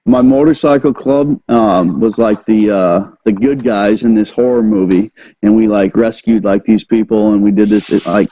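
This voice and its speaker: A man's voice: fairly low pitch, fairly even intonation, moderate pace, few pauses, warm tone, rough recording. A man hosting a casual chat, laid-back and saying "dude" and "man" a lot. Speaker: podcast host.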